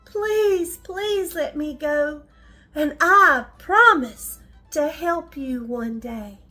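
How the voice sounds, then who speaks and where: An older woman voicing a tiny, timid male mouse who squeaks and begs politely in a bedtime story. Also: extremely slow, pushed and bright, faint music behind, heavily acted. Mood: pleading. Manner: squeaky, begging.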